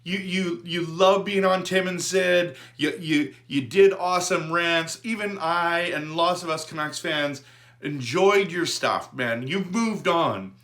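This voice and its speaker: A man hosting a fan channel, ranting about a sports figure in an animated, repetitive way. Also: fairly high pitch, slow. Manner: animated, repetitive, restarts words. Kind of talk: fired-up fan rant to camera.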